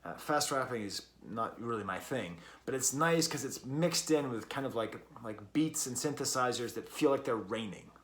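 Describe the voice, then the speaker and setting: A man's voice: medium pitch, expressive, moderate pace, few pauses, a bit bright. A man reviewing an album in a casual, rambling way, with many fillers and restarts. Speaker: music reviewer.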